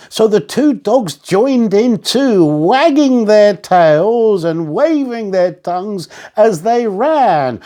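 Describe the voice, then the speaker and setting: A male storyteller reading a children's tale with a very lively, sing-song delivery that rises and falls all over the place. He takes his time, slow and deliberate, giving every line plenty of room. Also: high voice. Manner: animated, expressive reading.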